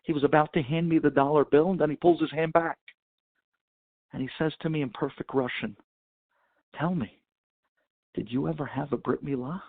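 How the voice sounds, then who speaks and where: A rabbi preaching over a phone conference line, telling a moving story with passion. His voice is gravelly and a little husky. The sound is thin and phone-like, with no room echo. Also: a little high, steady tone, normal speed, long pauses. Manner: impassioned storytelling, Hebrew and Yiddish terms. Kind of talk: sermon storytelling.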